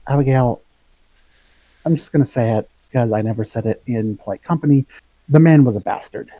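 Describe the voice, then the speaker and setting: A man playing his character in a tabletop game, earnest and soft-spoken. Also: medium pitch, brisk, no echo, low-quality recording. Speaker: player. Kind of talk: in-character tabletop role-play.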